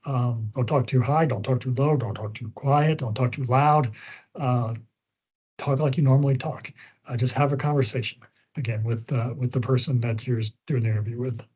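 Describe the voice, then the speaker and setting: A man giving spokesperson training on a video call, talking quickly once he gets going, with frequent ums and uhs. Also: mid-range voice, fairly even intonation, a little mellow, breathy edge. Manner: talks fast when he gets going. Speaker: media trainer. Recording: dull lo-fi call audio.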